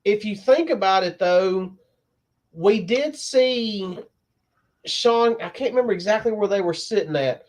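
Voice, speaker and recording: A laid-back man with a fairly high voice, telling stories in casual chat about comics. He talks easily and unhurried, recounting things step by step. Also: animated. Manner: storytelling, laid-back with laughs. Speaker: podcast co-host.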